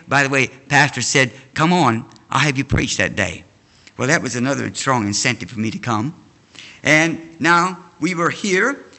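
A man's voice: medium pitch, sharp tone. Folksy older man preaching a testimony. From Amish community. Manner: folksy storytelling, addresses the congregation. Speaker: guest preacher. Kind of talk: sermon testimony. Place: church.

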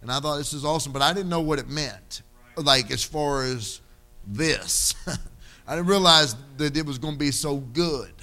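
Pastor in his thirties, bright ringing tone, testimony into fiery preaching. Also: a little high, faint music behind. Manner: rising to loud, drawn-out preaching. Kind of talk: sermon with personal testimony.

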